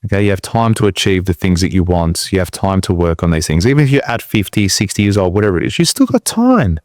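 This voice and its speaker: A man co-hosts a casual podcast, speaking in a somewhat low voice. He tells motivational stories in an earnest tone. The sound is dry and close. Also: big pitch swings, fast talker, a little mellow, no echo. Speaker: podcast co-host.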